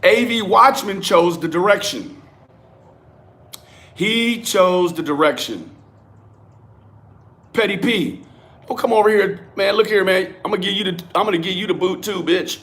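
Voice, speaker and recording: A man's voice: high-pitched, a little slow, long pauses, a bit bright. Profane, fired-up man ranting on a livestream. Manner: profane, confrontational, addresses chat commenters by name. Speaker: livestream host.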